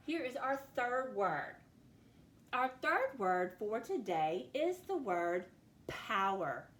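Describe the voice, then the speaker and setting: Her voice sits on the high side, a bit bright, with big swings in pitch. She's a teacher running a children's phonics spelling lesson, speaking slowly and sounding out words with patience. Faint background noise and room echo are audible.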